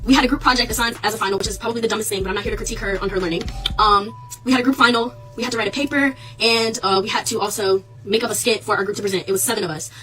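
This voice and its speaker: A woman's voice: medium pitch, steady tone, very fast, sharp tone, distant mic, faint music behind, poor audio. A young woman student candidly and bluntly telling her side of the story on a casual livestream. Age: young adult. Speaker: college student.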